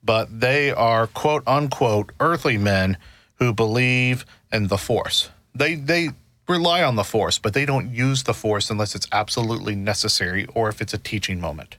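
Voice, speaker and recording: A man's voice: on the low side, normal speed, fairly bright tone, dry recording. A man in a casual discussion, explaining his points at length with frequent restarts.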